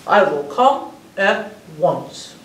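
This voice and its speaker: Woman reading as a steady policeman in a storybook, slow and firm, heard from across a roomy space. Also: mid-range voice. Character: grown man, calm town policeman. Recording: roomy, distant mic, faint hiss.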